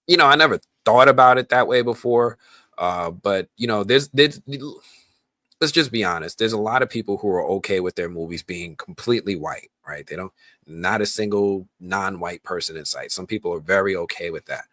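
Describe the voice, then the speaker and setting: A man's voice: deep voice, normal speed, sharp tone, no room sound. A man hosting a casual movie news podcast, talking loosely with lots of ums and restarts. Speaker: podcast host.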